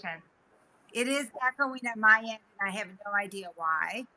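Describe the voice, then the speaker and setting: Bright-voiced woman on a call-in. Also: mid-range voice, expressive, brisk, poor audio. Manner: flustered, laughs at tech trouble. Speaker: spiritual guest co-host. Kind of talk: casual live radio chat. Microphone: remote call-in.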